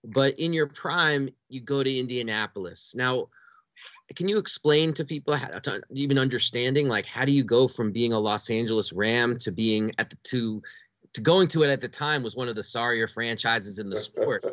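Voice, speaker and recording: A man interviewing a guest, asking long, measured questions. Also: medium pitch, fairly bright tone, dry recording, highs cut off. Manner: measured, building up questions at length.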